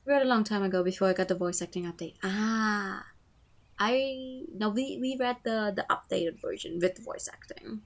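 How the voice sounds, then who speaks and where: A woman's voice: medium pitch, moderate pace. A woman streamer reading a visual novel aloud and chatting about games, casual, swearing, and laughing easily. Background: background music.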